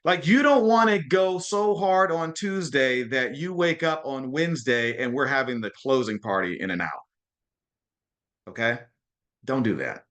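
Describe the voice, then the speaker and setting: A man with a bright, forward voice hosts a group video call and talks in a loose, chatty way. He keeps checking in with "okay?" and "right?" and restarts his phrases as he goes. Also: medium pitch, a little slow. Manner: frequent restarts and repeated words. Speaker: host of a mastermind call.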